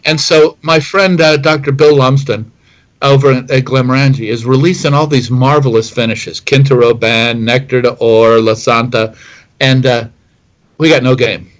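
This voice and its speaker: A man's voice: medium pitch, steady tone, moderate pace, rough recording. A middle-aged man, a distiller telling a long story in an interview, rambling with many fillers and restarts. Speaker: whiskey distiller guest.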